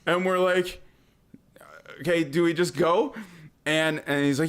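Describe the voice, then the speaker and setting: A man's voice: fairly high pitch, a little slow, pauses often. A man telling a story on a podcast in casual chat, laughing often and acting out the people in it. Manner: animated, laughs often, acts out quotes.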